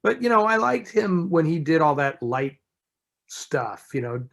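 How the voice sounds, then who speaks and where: A man answering listener questions as a film expert in a relaxed, conversational way, often restarting and saying "you know". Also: on the high side, a little slow, vocal fry. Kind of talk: casual chat.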